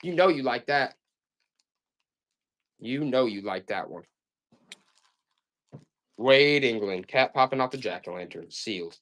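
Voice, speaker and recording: A man's voice: mid-range voice, expressive, a little slow, long pauses, fairly bright tone. A man selling vintage items on a live stream, chatting to viewers in a repetitive, hyped-up sales patter. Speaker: live auction seller.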